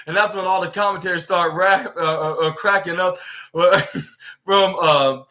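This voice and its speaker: Guy on his podcast going over a wrestling show blow by blow, kinda rambly, sharp bright voice. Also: high voice, fairly even intonation, moderate pace. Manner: rambling play-by-play retelling. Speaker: podcast host. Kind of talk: casual wrestling show recap.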